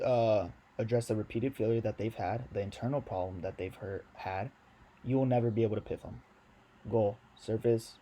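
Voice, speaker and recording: A man's voice: lowish voice, warm tone, a little hiss or hum. A young man giving a casual video lesson on sales, slangy, loose and chatty, talking straight to his viewers. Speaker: sales coach.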